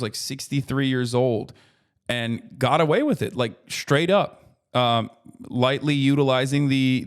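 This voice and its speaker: A man in his thirties streaming casual political commentary, ranting with heavy profanity. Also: medium pitch.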